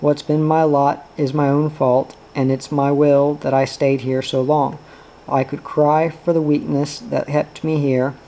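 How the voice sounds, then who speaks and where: A man's voice: on the high side, flat delivery, a little slow, mellow, poor audio. A man voicing a restless young farmhand who speaks bluntly and with determination. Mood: defiant.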